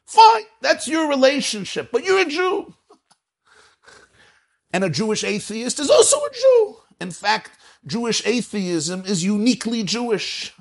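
A man teaching a Torah lecture as a rabbi, animated, swinging between soft asides and emphatic declarations. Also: very high-pitched, slow, gravelly.

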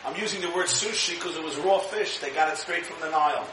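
A man preaches a lively sermon in a high, bright voice, acting out quotes and leaning hard on his words. He sounds set back from the mic in an echoey room. A faint hiss runs under the recording. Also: fast talker, few pauses, recorded from a distance. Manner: dramatic, shifts into acted quotes with rising pitch. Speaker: rabbi. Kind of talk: animated sermon.

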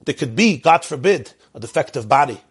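Give me a husky-voiced rabbi preaching with passion in repeated phrases. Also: male voice, medium pitch, animated, brisk. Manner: impassioned, builds through repeated phrases. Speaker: rabbi teaching. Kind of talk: sermon-style lecture.

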